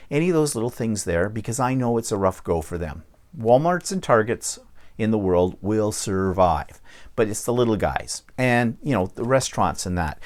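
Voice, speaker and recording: Man ranting with a lively voice. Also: on the low side. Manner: blunt, checks in with "okay?". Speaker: vlog host. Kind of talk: casual vlog rant.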